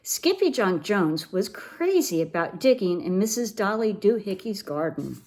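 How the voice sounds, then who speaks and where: Animated woman reading a storybook aloud. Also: medium pitch, measured pace. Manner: expressive and animated. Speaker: storybook reader for children. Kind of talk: reading a picture book aloud.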